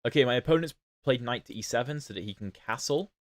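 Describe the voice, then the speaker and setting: A chess streamer with a not fully standard British accent casually comments on his games and answers chat questions while he plays. His medium-pitched voice is expressive and fast, with no echo.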